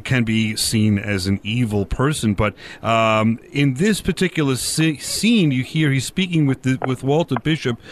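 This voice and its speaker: Guy interviewing, mid pitch, halting long questions, lots of uhs. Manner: halting, full of fillers and restarts, many "right"s. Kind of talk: conversational interview.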